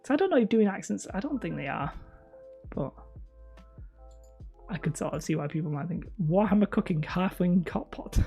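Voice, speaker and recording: Woman streamer, low mellow voice, rambling self-deprecating chat to viewers, faint music underneath. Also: very animated, moderate pace, creaky, long pauses. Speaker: livestream host. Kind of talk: casual livestream chat, reading viewer comments.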